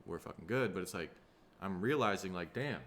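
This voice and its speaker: A somewhat low-voiced man talks through a loose, solo podcast monologue. He sounds tired and his throat is rough, and he rambles along in a laid-back, profane way. A faint noise sits under the voice. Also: animated, a little fast, fairly bright tone. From Minnesota, USA. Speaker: podcast host.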